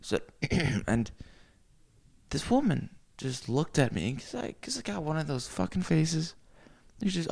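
A man rambling through a crude comic monologue, cursing freely and swinging into loud rants. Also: medium pitch, lively intonation, moderate pace, creaky.

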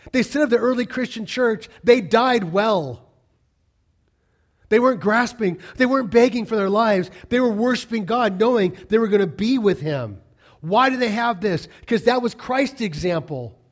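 Guy preaching, high voice, chatty, keeps asking the crowd questions. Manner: conversational, asks the congregation questions. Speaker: pastor. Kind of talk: sermon.

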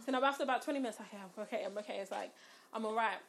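A young woman tells a story in casual chat. Her voice sits a little high, and she laughs as she goes. She acts out her own quotes with big swings in her voice. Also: very fast, vocal fry, slight background noise.

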